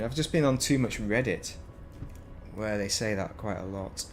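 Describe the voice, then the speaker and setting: In a lowish, very animated voice that runs a little slow, this gaming streamer from Northern England talks over slight hiss or hum. He commentates casually and strays into rambling remarks poking fun at himself.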